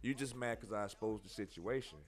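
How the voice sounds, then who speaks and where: A man's voice: fairly low pitch, fairly quick. A man hosting an interview show, talking casually and hyping up his guest, peppering his speech with "man" and "bro".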